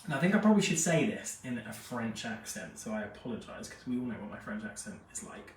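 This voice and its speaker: Talking fast and very animated, a fragrance expert chats and gushes through a live review, reading out comments from viewers despite being unwell and feverish after a jab. His voice is mid-range, captured by a far-off mic in an echoey room.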